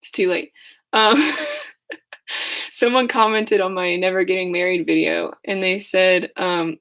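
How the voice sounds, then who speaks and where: A hoarse young woman chatting casually on a livestream, rambling and laughing at herself. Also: fairly low pitch, steady tone, measured pace, a bit bright. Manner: rambling, giggly, self-deprecating. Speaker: livestream host.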